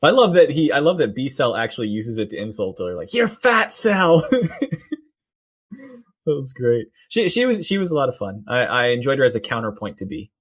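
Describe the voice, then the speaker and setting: A man's voice: medium pitch, sing-song, fast, few pauses, slightly rough. Enthusiastic man chatting on a podcast. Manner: enthusiastic, laughs readily, plays out quotes. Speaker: podcast co-host. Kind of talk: casual podcast chat.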